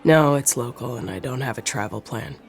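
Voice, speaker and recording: A scheming man with a smooth, persuasive manner, voiced by a narrator. He talks easily and keeps his tone even. A faint bed of music plays beneath. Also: mid-range voice, fairly quick, close to an everyday voice. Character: smooth scheming man making a phone offer.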